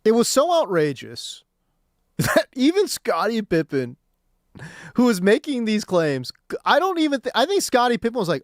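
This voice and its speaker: A man's voice: very high-pitched, huge pitch swings, normal speed, no echo, studio quality. A man hosting a sports talk radio stream, slangy and incredulous.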